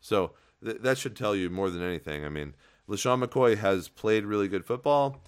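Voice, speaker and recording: A man's voice: fairly low pitch, normal speed, clean tone. A man co-hosting a casual fantasy football podcast, confident and argumentative, laughing often.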